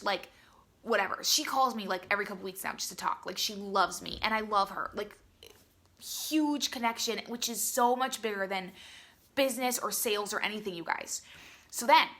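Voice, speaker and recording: A woman's voice: mid-range voice, pushed and bright. A young woman chatting effusively to her team on a live video, full of "like" and "you guys". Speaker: beauty product distributor.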